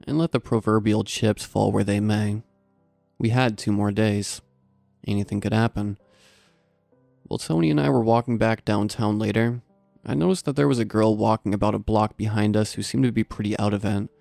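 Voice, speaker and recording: A man calmly narrating a scary story in a steady, low-key storytelling manner, close to the mic. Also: gravelly, no echo. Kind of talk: scripted horror story narration.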